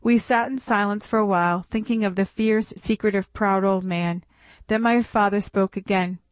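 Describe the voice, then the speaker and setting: A woman narrating a memoir audiobook in a measured, steady reading voice, close to the mic. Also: medium pitch, no room sound.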